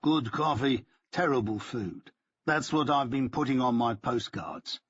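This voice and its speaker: A man's voice: mid-range voice, lively intonation, measured pace, fairly bright tone, slightly rough, no echo, muffled recording. A man voicing a wry, formally polite middle-aged male spy handler who calls his listener sir. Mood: dry, courteous. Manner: formal, dryly ironic, addresses listener as sir.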